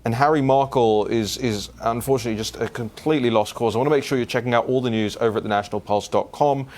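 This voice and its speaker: A young adult man at a middle pitch hosts a political talk show, reading out listener questions and answering them off the cuff. He speaks in an animated, casual way, stumbling, restarting and doubling back on his words. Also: fast talker.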